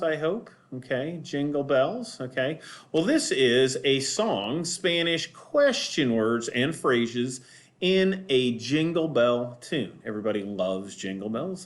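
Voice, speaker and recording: A man teaching Spanish question words to his students in a recorded lesson from home, patient and repetitive, checking in with frequent okays. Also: medium pitch. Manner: slow, patient, repeats words with many okays. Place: home, cats in the background.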